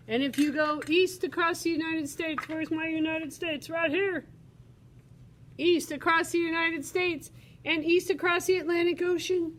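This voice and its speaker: High bubbly teacher woman. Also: fairly bright tone. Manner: bubbly and exclamatory, talks to kids. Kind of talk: children's video lesson.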